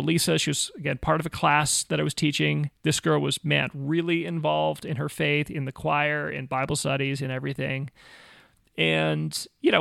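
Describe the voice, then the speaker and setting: A man's voice: fairly high pitch, creaky, no echo, studio quality. A man co-hosting a casual faith talk, telling stories and acting out what people said. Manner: animated storyteller, acts out quotes.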